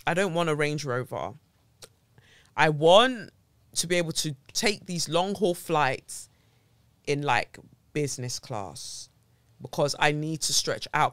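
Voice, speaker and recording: A woman's voice: low voice, expressive, a little slow, no room sound. A woman with a London accent hosting her own podcast, chatting casually and animatedly, exclaiming and swearing freely, into a studio mic at home. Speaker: podcast host. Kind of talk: casual solo podcast chat.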